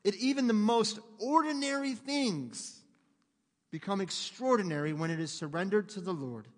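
A man preaching a sermon in an animated way, joking with the congregation and acting out voices. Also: sits high, moderate pace. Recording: long hall reverb.

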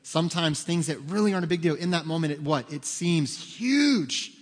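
Middle-aged guy pastor preaching, kinda high voice, jokey, church echo hanging on every line. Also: fast. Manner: lively, joking, acts out voices of children. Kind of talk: sermon. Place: church sanctuary. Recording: long hall reverb.

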